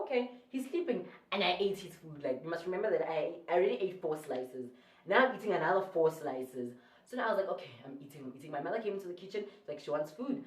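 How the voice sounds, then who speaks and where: A woman's voice: lowish voice, far from the mic. Rambling South African woman in echoey room. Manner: rambling, excitable, often corrects herself. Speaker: YouTuber. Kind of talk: casual storytime. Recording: echoey room, voice away from the mic.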